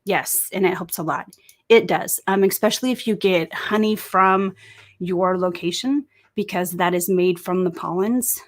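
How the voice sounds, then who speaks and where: A woman's voice: fairly low pitch, normal speed. A woman with a sore throat hosting a casual live stream, chatting and greeting viewers by reading their comments aloud. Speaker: livestream host. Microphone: desk microphone.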